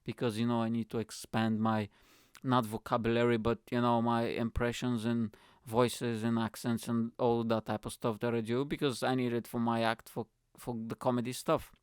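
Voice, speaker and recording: A young man hosting a comedy podcast from home, ranting in a profane, animated way. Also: medium pitch, moderate pace, smooth, dry recording, studio quality. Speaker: podcast host.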